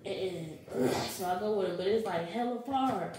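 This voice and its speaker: In an interview, a young woman shares her story animatedly, using casual slang and acting out others' words. She speaks at medium pitch and normal speed, and the recording has echo and faint noise.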